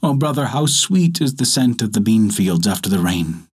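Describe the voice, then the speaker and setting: A man voicing a gentle, wistful younger brother in a folktale, speaking quietly and slowly with wonder. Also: fairly low pitch, big pitch swings, husky.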